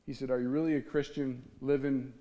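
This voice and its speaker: On stage before an audience, a Midwestern man gives an earnest testimony talk, telling his story with feeling and acting out the voices he quotes. His voice is medium in pitch with little pitch movement, warm in tone, and a little fast.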